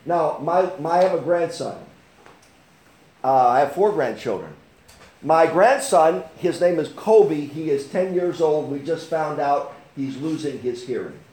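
A man in his sixties preaching a testimony sermon, halting with fillers and restarts, rising to fervent outbursts. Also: a little high, darkish tone, slight background noise. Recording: roomy echo.

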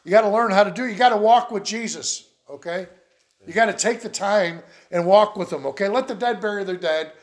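A man's voice: high-pitched, brisk. A man preaching a sermon. He tells folksy stories with laughs and asides. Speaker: pastor.

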